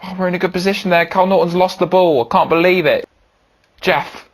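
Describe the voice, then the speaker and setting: A young man giving excitable commentary on his own football video game, swinging from low muttering to high shouting. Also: quick pace. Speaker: gaming video host.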